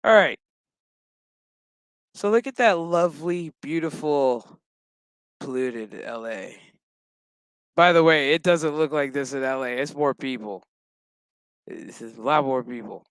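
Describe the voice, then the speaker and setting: A man's voice: mid-range voice, unhurried, long pauses, clear, resonant tone, no echo, low-quality recording. A man casually retelling a TV episode, crude and joking, chuckling as he acts out the characters' lines. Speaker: show recap host. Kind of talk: casual profane episode recap.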